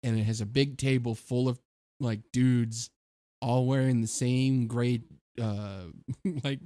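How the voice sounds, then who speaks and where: A man co-hosting a podcast, telling anecdotes in halting, casual phrasing. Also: medium pitch, a little mellow, dry recording. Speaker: podcast co-host. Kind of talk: casual chat.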